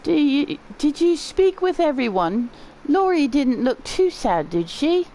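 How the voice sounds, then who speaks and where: A woman's voice: sits high, big pitch swings, measured pace, warm tone, pitched above the performer's own voice, exaggerated voice, low-quality recording. A woman voicing a cheerful, encouraging adult caretaker character in a game.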